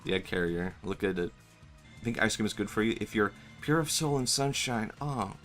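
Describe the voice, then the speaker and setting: Over game music, a man streams a video game with casual commentary, laughing often, rambling, and swearing. His voice is on the low side and a bit bright, brisk with lively intonation.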